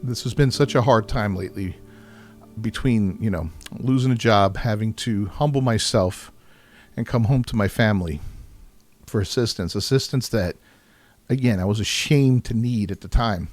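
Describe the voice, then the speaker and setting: Man haltingly telling a personal story. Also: lowish voice, a little mellow, dry recording. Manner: halting, rambling, with many restarts and "you know"s. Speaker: vlogger sharing a personal story. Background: background music.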